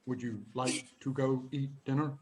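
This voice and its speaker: A male teacher imitating a young woman's slow, soft way of talking, in a low, hushed voice. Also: steady tone, slight background noise, lightly acted. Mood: shy. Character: young woman speaking slowly and softly.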